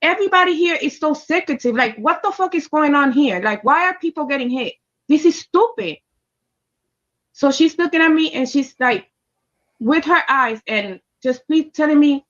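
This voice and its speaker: A woman's voice: high-pitched, lively intonation, normal speed, a bit bright, lo-fi sound. A woman telling a personal story in a casual, emphatic and heated way, with heavy swearing. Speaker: storyteller recounting a personal experience.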